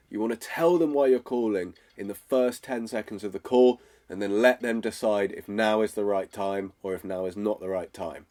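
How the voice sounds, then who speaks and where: A man's voice: on the low side, dark tone. A man, teaching sales in a direct, casual way and often checking in with "okay?". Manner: direct, acts out phone calls, checks in with "okay?". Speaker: sales coach.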